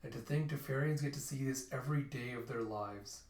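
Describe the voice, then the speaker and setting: A man's voice: mid-range voice, fairly quick, darkish tone, natural voice. Man reading as a wistful cyborg woman. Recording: roomy echo, mic at a distance.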